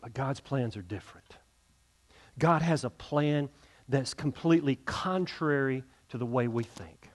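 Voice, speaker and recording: A man's voice: medium pitch, measured pace. A male pastor, preaching a sermon and leading an invitation, earnest and emphatic, often repeating words as he builds.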